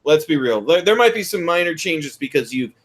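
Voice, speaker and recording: A man in casual podcast banter. His voice is high and swoops around a lot, and he has a blunt, sarcastic edge with frequent swearing. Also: big pitch swings, fairly quick, fairly bright tone. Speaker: podcast co-host.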